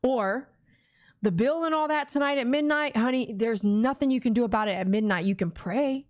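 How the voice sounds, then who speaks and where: A woman's voice: on the high side, normal speed, a little mellow, dry recording. A middle-aged woman with a Texan accent, hosting a casual live-stream prayer session and chatting with viewers. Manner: chatty, talks to viewers and acts out her own inner voice. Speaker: livestream prayer host.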